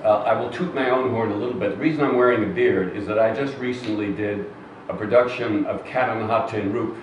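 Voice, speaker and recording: A man's voice: fairly low pitch, a little fast. An older man, an actor being interviewed on stage, telling anecdotes to a live audience in a chatty, self-deprecating way with fillers and restarts. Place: cinema hall with live audience. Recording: roomy hall, distant mic, faint noise.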